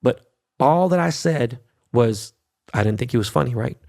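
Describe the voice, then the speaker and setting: A man's voice: medium pitch, animated, normal speed, creaky, a little mellow. A middle-aged man hosting his own podcast, ranting brashly and cursing a lot. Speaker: podcast host. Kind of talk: solo podcast rant.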